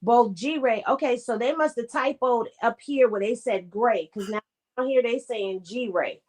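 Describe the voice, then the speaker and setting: A woman co-hosting a casual talk show, with a fairly high voice. She reads through official documents aloud, stops to correct typos, and drops in short comments as she goes. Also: a little mellow. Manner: reads aloud and adds quick asides. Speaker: co-host.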